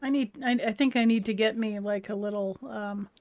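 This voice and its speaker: A woman's voice: medium pitch, steady tone, a little fast, a little mellow. A tired woman streamer chatting casually and rambling in self-deprecating asides while she plays a video game. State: tired and yawning. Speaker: gaming livestreamer. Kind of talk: casual gameplay chat.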